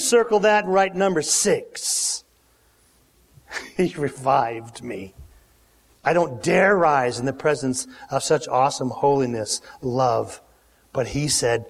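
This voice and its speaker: A male preacher delivering a sermon, dramatic and animated, acting out the lines he quotes. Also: slow pace, pauses often. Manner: dramatic, acts out quotes with big pitch swings. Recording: long hall reverb.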